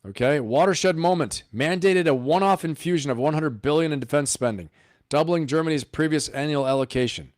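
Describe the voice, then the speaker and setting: A man's voice: a little high, a little fast, dry recording, studio quality. A man hosting a live stream of political commentary, emphatic and riffing, firing off rhetorical questions.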